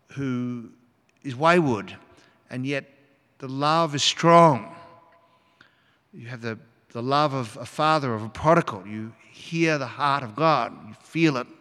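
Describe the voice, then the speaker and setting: A man's voice: medium pitch, fairly bright tone. Older male preacher in a reverberant hall. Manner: dramatic storytelling with sudden emphatic rises. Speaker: pastor. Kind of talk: sermon.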